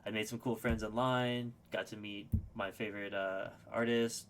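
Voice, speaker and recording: A young man telling a story as a podcast guest, excitable and casual, swearing freely with lots of fillers and restarts. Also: on the low side, moderate pace, a little hiss or hum.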